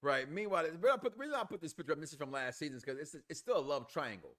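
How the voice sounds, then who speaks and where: Guy cohosting a review chat, loud and crude, acts out scenes, voice bouncing all over. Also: a little high, lively intonation, rapid-fire, crowd noise. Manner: loud, playful, crude joking, acts out characters. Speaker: co-host of a review show.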